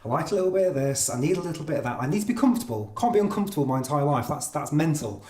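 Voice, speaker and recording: A man asking questions in a casual podcast chat, chatty and quick to repeat words as he starts. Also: on the high side, expressive, darkish tone, roomy sound. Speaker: interviewer. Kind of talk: casual conversation.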